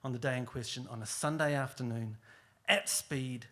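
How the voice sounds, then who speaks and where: A man telling a funny story on stage at a live storytelling night, animated and chatty. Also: medium pitch, normal speed. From Australia. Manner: animated, chatty, laughs at his own story.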